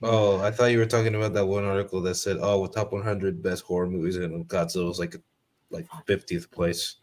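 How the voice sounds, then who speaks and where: A man co-hosting a casual podcast, making deadpan wisecracks. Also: low-pitched, brisk. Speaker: podcast co-host. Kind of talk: casual group chat.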